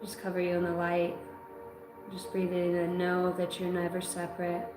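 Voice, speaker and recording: A woman giving a live psychic reading, talking emotionally in halting phrases that break off mid-sentence. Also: lowish voice, completely flat delivery. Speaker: psychic reader. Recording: roomy sound with music behind.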